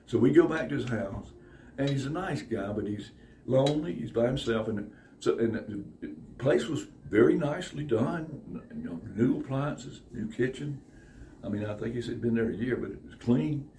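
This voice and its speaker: A man's voice: mid-range voice, moderate pace, dark tone. Brief: a man spinning a rambling tale, foul-mouthed and chuckling, recorded a bit far off the mic with light background hiss. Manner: profane, laughs often while telling a story. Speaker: podcast guest. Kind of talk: casual storytelling. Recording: distant mic with faint background noise.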